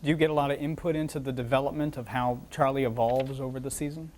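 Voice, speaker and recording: A man's voice: medium pitch, steady tone, fast, darkish tone. Courteous male interviewer. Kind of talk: interview questions.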